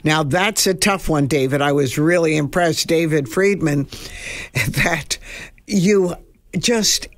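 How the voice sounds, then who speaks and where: A woman's voice: sits low, slow pace, no echo. A woman hosting a radio interview, chiming in with admiring remarks. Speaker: radio host.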